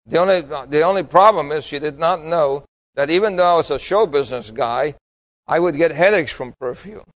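A pastor from New York City preaching a sermon, emphatic and full of rhetorical questions to the congregation. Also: male voice, fairly high pitch, normal speed, poor audio.

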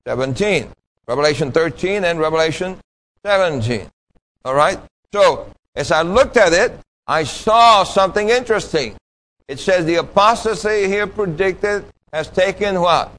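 A man's voice: high-pitched, a bit bright, slight background noise, rough recording. A man preaching a sermon with an emphatic, pointed delivery, asking the congregation questions and answering them himself. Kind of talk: sermon with call-and-response.

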